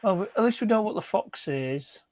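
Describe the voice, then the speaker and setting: A man's voice: high voice, lively intonation, fairly quick, darkish tone, a little hiss or hum. A man joking around as a guest on a live stream call, often repeating his words. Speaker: chat guest. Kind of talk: casual chat.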